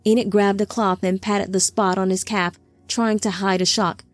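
A woman narrating an audiobook in an even, clear reading. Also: medium pitch, moderate pace, few pauses, dry recording, soft background music.

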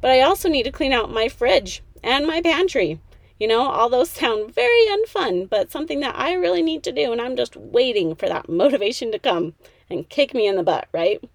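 A woman's voice: fairly high pitch, expressive, normal speed, dry recording. A woman in her thirties hosting a motivational podcast, talking in a peppy, chatty way straight to the listener. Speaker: podcast host.

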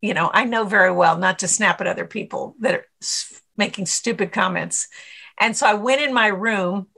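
A middle-aged woman, a stress coach, answering interview questions and telling lively anecdotes in which she acts out her own inner voice. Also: mid-range voice, normal speed, vocal fry. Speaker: author and stress coach guest.

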